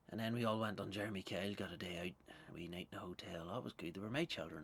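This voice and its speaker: A man's voice: sits low, fast talker, gravelly, fairly bright tone, husky. A Northern Irish man, a comedian, ranting through a sweary, exasperated, rambling monologue. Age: adult with young children.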